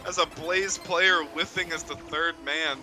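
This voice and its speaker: A man's voice: on the high side, steady tone, a little slow, pushed and bright, a little hiss or hum. A young man casting a game on a casual drinking stream, joking and crude in his banter. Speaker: esports caster.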